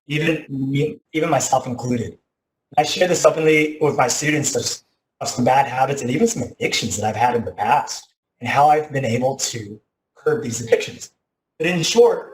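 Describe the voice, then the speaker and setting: A man in his thirties telling a personal story as a motivational talk, animated, often saying "like", with loud bursts at dramatic moments. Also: mid-range voice, a little hiss or hum. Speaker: teacher giving a motivational talk. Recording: echoey room.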